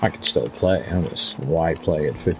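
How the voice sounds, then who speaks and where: A man's voice: very deep voice, moderate pace, slight background noise. A talkative man in his fifties chatting casually over gameplay as a streamer, rambling from story to story and laughing often. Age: 50s. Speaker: gaming streamer.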